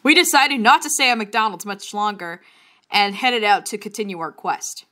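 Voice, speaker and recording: A woman reading a bad story aloud in a mock-dramatic way, breaking into high laughing shrieks and comments. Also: lively intonation, moderate pace, sharp tone. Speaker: reader of bad fan fiction.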